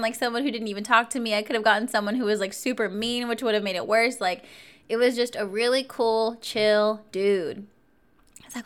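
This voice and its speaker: A woman in her twenties telling a story in a casual vlog, animated and chatty, full of fillers. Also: mid-range voice, fairly quick. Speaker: vlogger.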